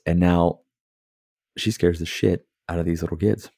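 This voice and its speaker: This podcast host's low, creaky voice is a little mellow with a breathy edge, keeping fairly even intonation at a moderate pace. He sips beer while rambling about a movie, swearing and using many filler words, in a clean studio recording with no room sound.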